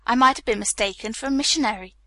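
A woman reading as a proper young Boston gentleman. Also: on the high side, quick pace, no room sound. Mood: earnest. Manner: formal, earnest, a bit stiff.

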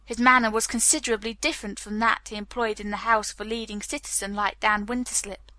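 A woman narrating an audiobook in a steady, clear storytelling manner. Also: medium pitch, normal speed, dry recording. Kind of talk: scripted narration.

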